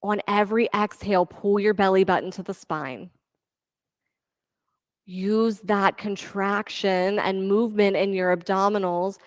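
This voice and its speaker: A woman leading a yoga class, calmly cueing moves and breaths and counting reps with encouragement. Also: medium pitch, measured pace, dry recording. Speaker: yoga instructor. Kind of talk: guided yoga class cues.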